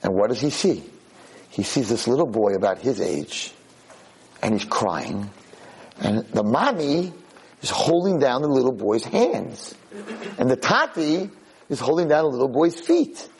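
A man teaching a religious lesson through animated storytelling, acting out the people in his stories. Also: medium pitch, a little slow, breathy edge. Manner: animated storyteller, acts out characters. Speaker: Torah teacher. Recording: podcast audio.

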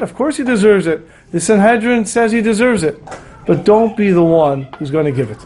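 Guy giving a torah class, earnest, pretty high voice, tells stories. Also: a little mellow, slight background noise. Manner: earnest, storytelling with acted quotes. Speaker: rabbi teaching a weekly Torah class. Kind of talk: Torah lecture with storytelling.

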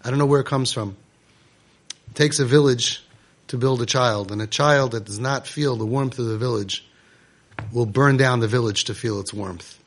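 A man's voice: mid-range voice, normal speed. Impassioned man giving a Torah sermon. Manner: impassioned, emphatic, repetitive. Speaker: parenting guide and speaker.

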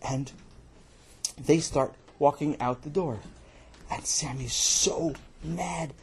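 A man telling a children's story in an animated, playful way, with casual asides. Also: a little high, slow, gravelly, husky.

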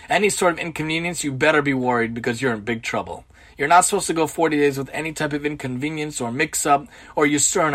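A man with a somewhat high voice delivers a religious lecture about everyday behavior. He talks earnestly, firing off rhetorical questions, often repeating words, and he drops Hebrew and Yiddish terms into his speech. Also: fairly bright tone. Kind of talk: Torah lecture on everyday conduct.

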